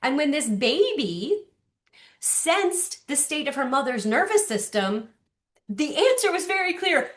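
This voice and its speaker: A woman speaker teaching parents in a lunch-and-learn session. She tells stories with animated energy and slips into playful voices to act them out. Her voice sits a little high. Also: measured pace. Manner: animated storytelling with acted-out voices.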